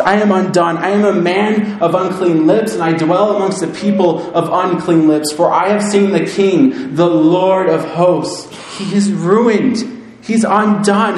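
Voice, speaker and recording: A man preaching a sermon in an earnest manner, building to fervent emphasis and then dropping low and solemn. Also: a little mellow. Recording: very echoey room.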